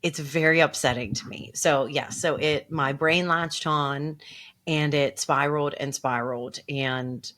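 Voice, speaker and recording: Middle-aged woman podcast co-host with a low, deep voice. Animated storyteller. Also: a little slow. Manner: animated storytelling, acts out her own distressed quotes. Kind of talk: casual chat.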